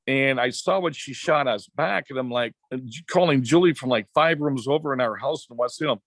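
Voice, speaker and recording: A middle-aged man from Wisconsin, a former racetrack announcer, telling a story as a podcast guest in a chatty, animated way. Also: mid-range voice, a little fast, few pauses, dry recording. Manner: chatty, animated anecdotes with quoted dialogue. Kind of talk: casual storytelling.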